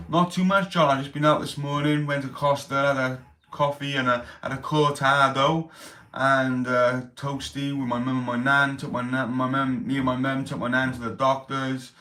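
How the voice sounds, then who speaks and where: A man's voice: mid-range voice, sharp tone. Chatty man on a livestream. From Wales. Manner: chatty, street slang, reads chat aloud. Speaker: livestream host. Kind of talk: casual live chat.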